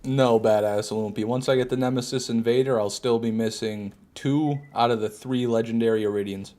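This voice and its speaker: A man's voice: medium pitch, steady tone, brisk, warm tone. A man streaming a game live, rambling and joking, answering chat questions and swearing now and then. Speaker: gaming streamer. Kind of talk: casual live gameplay commentary.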